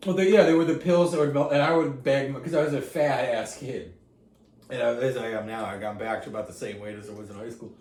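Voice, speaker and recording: Rambling, crude podcast co-host, echoey room. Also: male voice, medium pitch, steady tone, fast, darkish tone. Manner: rambling, crude, laughs often. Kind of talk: casual comedic chat. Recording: echoey room, distant mic.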